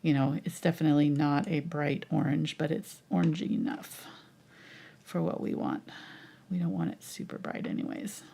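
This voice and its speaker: A woman's voice: deep voice, fairly even intonation, normal speed, creaky, warm tone, slight background noise. A woman teaching a live painting tutorial, chatty and explaining each step as she mixes her colours, laughing easily. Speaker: painting instructor.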